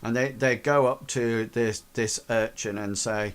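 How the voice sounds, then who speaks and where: A man's voice: medium pitch, fairly even intonation, unhurried, clean tone. A man narrating as game master, with loose rambling phrasing and many fillers.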